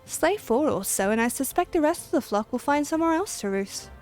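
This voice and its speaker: A woman plays a grave, formal game scholar with a put-on accent, reading out a careful, drawn-out explanation. The voice sits a little high and quiet, with soft music behind it. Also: lively intonation. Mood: solemn. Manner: formal, measured storytelling.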